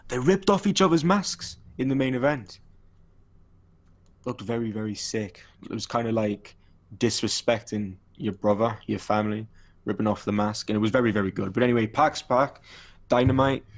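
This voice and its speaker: A young man co-hosting a casual wrestling review, laid-back and slangy. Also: lowish voice. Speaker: co-host.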